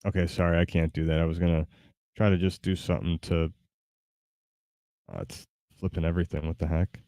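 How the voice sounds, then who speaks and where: A man's voice: sits low, a little fast, warm tone, no room sound, studio quality. A man streaming a game, chatting casually in a rambling, hesitant way with many fillers. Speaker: gaming streamer. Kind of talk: casual live-stream chat. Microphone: desk mic with webcam.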